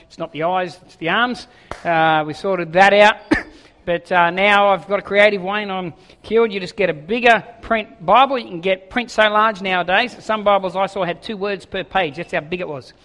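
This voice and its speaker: High, bright-voiced man preaching in a hall. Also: brisk. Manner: chatty, joking, stumbles and repeats words. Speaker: pastor. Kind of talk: sermon with jokes.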